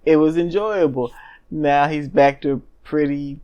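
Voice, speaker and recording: Guy co-host, kinda high voice, backs up his partner, laughs along. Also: unhurried, darkish tone, clear, resonant tone, lo-fi sound. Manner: chimes in with short agreements and laughs. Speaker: podcast co-host. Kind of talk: casual wrestling review chat.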